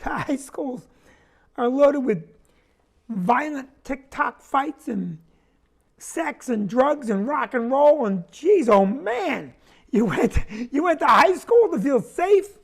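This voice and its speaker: A man hosting a comedy talk show, ranting with animated indignation and quick asides. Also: very high-pitched, creaky, slightly rough. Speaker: comedian host.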